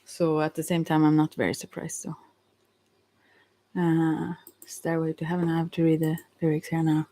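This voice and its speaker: A woman with a Swedish accent, speaking English as a second language in a halting, casual chat, often correcting herself and laughing. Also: sits low, completely flat delivery, mellow. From Sweden. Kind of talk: casual one-sided chat, reading aloud.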